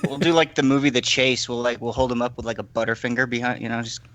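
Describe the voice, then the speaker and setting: Quick-talking joking man co-host. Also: medium pitch, little pitch movement, a crowd in the background. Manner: joking, swearing. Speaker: podcast co-host. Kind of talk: casual show banter.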